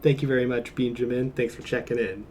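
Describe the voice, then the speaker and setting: A man's voice: mid-range voice, steady tone, quick pace, a little mellow, a little hiss or hum. A man streaming from home, chatting casually in a rambling, jokey way and chuckling often. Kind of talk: casual live-stream chat.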